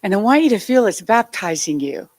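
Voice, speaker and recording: A woman speaker giving a meditative sermon, soft and reflective, with light joking asides. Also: medium pitch, sing-song, a little fast, dry recording. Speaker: spiritual speaker.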